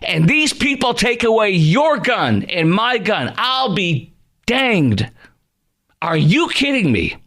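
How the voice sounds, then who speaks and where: A man's voice: high voice, sing-song, takes it slowly, sharp tone. A man hosting a call-in radio talk show, ranting with heated indignation and stumbling over his words. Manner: heated, indignant, stammers and restarts. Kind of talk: angry call-in radio rant. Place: radio studio.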